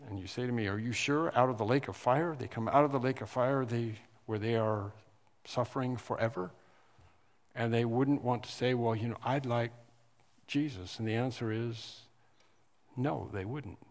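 A man's voice: mid-range voice, moderate pace, in a large hall. A man preaching a sermon earnestly, building to emphatic stresses and often restarting his sentences. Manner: earnest, rises to emphatic stress on key words, with frequent restarts.

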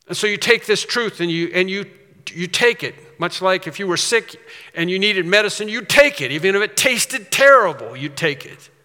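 A man's voice: high voice, lively intonation, moderate pace, bright, forceful tone. A man preaching a sermon as pastor, emphatic, repeating phrases and rising on key points. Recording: reverberant hall.

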